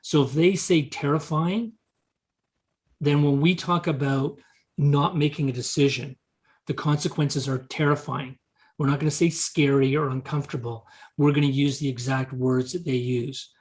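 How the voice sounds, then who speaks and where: Man teaching a seminar, slightly high. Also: steady tone, normal speed, a little mellow. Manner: repeats short words, quotes example dialogue. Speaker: real estate seminar speaker. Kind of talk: teaching a live networking seminar. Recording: meeting talk to an audience.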